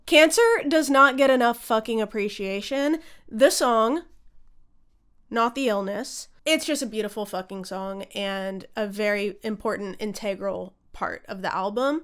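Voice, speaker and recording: A woman's voice: on the high side, unhurried, fairly bright tone, clean tone. A young woman talking casually and enthusiastically to her viewers, chatty and swearing now and then. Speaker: music video creator ranking album songs. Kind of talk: casual talk to camera.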